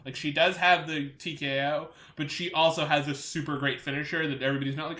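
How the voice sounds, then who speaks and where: A man's voice: a little high, fairly even intonation, fast, few pauses, bright, forceful tone, roomy sound. A man from Long Island with a light New York accent, co-hosting a podcast in casual chat, rambling and enthusiastic with many restarts. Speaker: podcast co-host.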